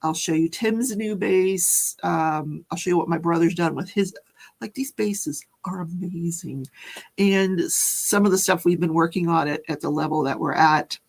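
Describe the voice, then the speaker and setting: A woman's voice: lowish voice, moderate pace, creaky, few pauses. An older woman hosting a casual live stream, chatty and rambling, laughing often as she talks.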